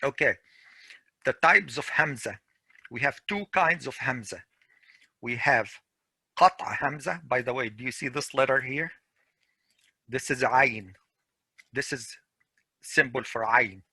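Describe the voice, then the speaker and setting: A middle-aged man teaching a grammar class over a video call, repeating each example slowly and patiently. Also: medium pitch, sharp tone, breathy edge, dry recording. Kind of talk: online class lecture.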